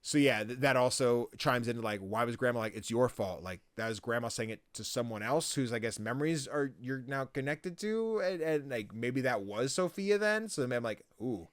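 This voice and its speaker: Male podcast co-host, casual recap, mid-pitched, rambling with fillers, swears, dry close sound. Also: animated, moderate pace, few pauses, dry recording. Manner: rambling, swears freely, lots of likes and ums. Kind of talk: casual game recap chat.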